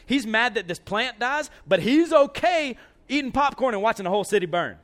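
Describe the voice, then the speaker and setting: A man preaching a lively, conversational sermon. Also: high-pitched, moderate pace.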